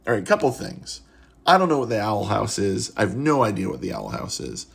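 A man's voice: lowish voice, wildly swooping pitch, a little fast, vocal fry, breathy edge. A man hosting a comedy podcast, riffing sarcastically on memes and laughing often. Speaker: podcast host.

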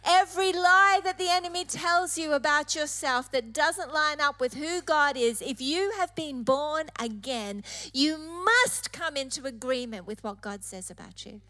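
A woman's voice: high-pitched, a little slow, few pauses, pushed and bright. A woman preacher delivering an emphatic sermon, stressing points through repetition. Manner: emphatic, repeating phrases for effect.

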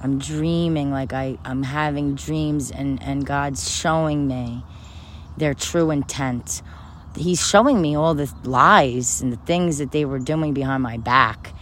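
A woman's voice: extremely low pitch, slow pace, a bit bright, slight background noise. A woman speaking about faith and forgiveness in an emphatic, personal, preaching manner. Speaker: spiritual speaker. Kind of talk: spiritual talk to camera.

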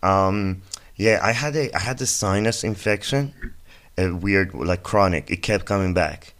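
A man's voice: sits low, a little slow, a bit bright. A young man hosting a solo podcast, rambling through jokey, profane stories in a casual monologue. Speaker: podcast host.

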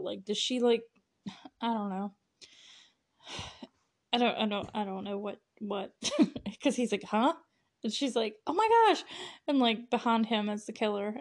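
A woman's voice: medium pitch, darkish tone. A young woman hosting a podcast, casually recapping a horror movie in a chatty way, full of "like" and little laughs. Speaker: podcast host.

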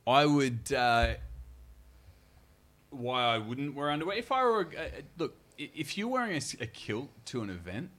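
A man's voice: mid-range voice, moderate pace. A man, co-hosting a casual chat, teasing and telling stories. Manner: teasing, animated storyteller. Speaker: co-host. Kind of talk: casual chat reading comments.

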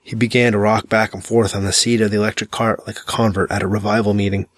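Low-voiced man reading a dark novel. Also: flat delivery, fast, dry recording. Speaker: audiobook narrator. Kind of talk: scripted narration.

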